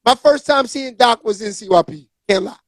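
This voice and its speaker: A man with a very high voice hosts a casual chat and mostly jumps in with short reactions and questions. He is recorded close and dry, with almost no room sound. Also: normal speed, dry recording.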